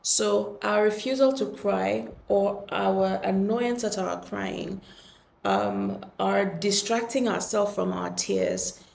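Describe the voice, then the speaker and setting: A woman hosting a podcast, speaking earnestly and gently in a reflective solo talk, with many pauses and restarts. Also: mid-range voice, lively intonation, gravelly, reverberant, a little hiss or hum. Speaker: podcast host.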